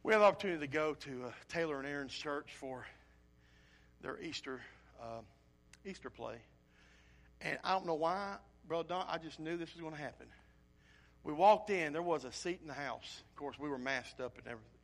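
A man preaches a sermon, telling a personal story earnestly and emotionally, with animated storytelling and acted-out asides. His voice is a little high, and he talks a little fast.

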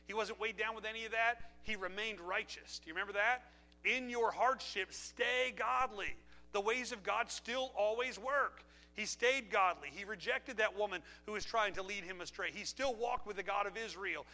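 A man preaching a sermon as pastor in a church, animated, with laughs and asides to the congregation. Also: sits high, moderate pace. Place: church sanctuary. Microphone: handheld or pulpit mic.

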